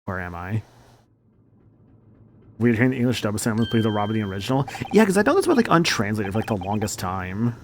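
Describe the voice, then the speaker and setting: A man commenting casually on a live stream, playful and quick to laugh and swear. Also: fairly low pitch, big pitch swings. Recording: game music behind the voice. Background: game music.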